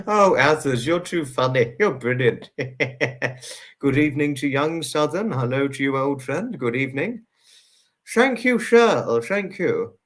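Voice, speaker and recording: A livestream host reads his chat aloud, greeting and thanking each viewer one after another. His medium-pitched voice is animated and a bit bright. He's effusive and repetitive, slowing down to dwell on people's names.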